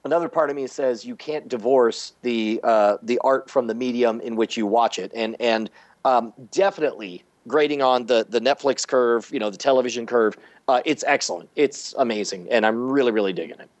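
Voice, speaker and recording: A man co-hosting a casual talk show, halting and hesitant with many fillers. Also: mid-range voice, no echo. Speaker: podcast co-host. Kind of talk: casual chat. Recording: dull, dry lo-fi audio.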